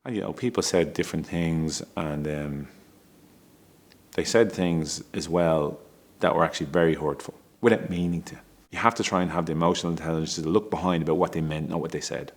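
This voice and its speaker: Very deep-voiced man telling a candid story. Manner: candid, halting, with frequent restarts and laughs. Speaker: father telling a personal story. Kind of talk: emotional personal storytelling.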